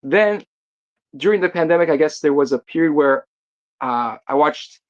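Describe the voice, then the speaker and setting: A man's voice: a little high, expressive, moderate pace, highs cut off. A man from Quebec with a Québécois French accent, joining as a guest for a joking, argumentative casual chat. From Quebec, Canada.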